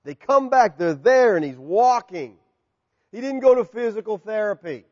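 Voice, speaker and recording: A middle-aged man preaching a sermon, animated and swinging from loud declarations to hushed asides. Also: sits high, normal speed, big-room sound, dull audio. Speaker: pastor.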